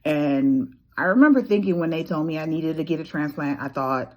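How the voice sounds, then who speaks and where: A woman's voice: low voice, normal speed. A woman in her thirties telling her own story casually, acting out the voices of people she quotes. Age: 30s. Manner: animated, acts out quoted dialogue.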